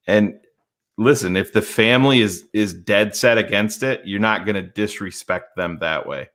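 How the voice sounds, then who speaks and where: Blunt low-voiced sports talk man. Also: moderate pace, fairly bright tone. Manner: confident, blunt, swearing. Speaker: co-host. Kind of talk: casual sports talk show.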